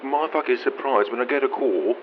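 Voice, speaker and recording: Young Australian caller, rambling and incredulous, swears a lot, dull lo-fi audio with faint noise. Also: male voice, medium pitch, a little fast. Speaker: radio caller. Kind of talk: comic storytelling monologue.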